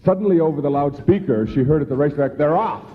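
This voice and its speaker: A man, a therapist and motivational speaker, giving a humorous lecture to a live audience with animated, joking storytelling. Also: a little high, fast talker, over music. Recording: dull lo-fi recording in a reverberant hall.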